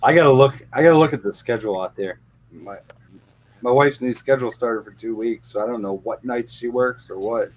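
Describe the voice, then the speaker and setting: A man's voice: mid-range voice, brisk. A man hosting a live show, telling rambling everyday stories and swearing freely in casual chat.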